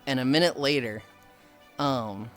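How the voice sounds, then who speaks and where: A woman streamer chatting casually with friends and her chat, telling stories with lively quoted voices. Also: rumbling low, unhurried, soft background music. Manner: animated storytelling, acts out quoted people.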